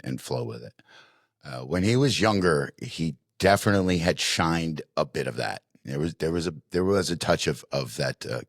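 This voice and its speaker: Man, deep, animated storyteller, dry studio sound. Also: dry recording. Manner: animated storyteller, acts out voices, many restarts. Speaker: podcast co-host. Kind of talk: casual storytelling.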